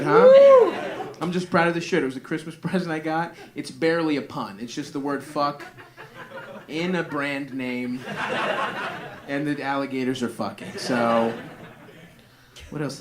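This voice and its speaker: In a live comedy club recording with the crowd and background noise audible, a male stand-up from a Greek family does crude, rambling crowd work, laughing through his jokes. His voice is mid-range.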